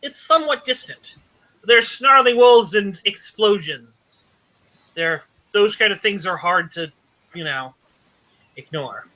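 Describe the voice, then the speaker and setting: A man's voice: high voice, slow pace, pushed and bright, lo-fi sound. A man narrating as game master of a tabletop game, rambling with many fillers and restarts.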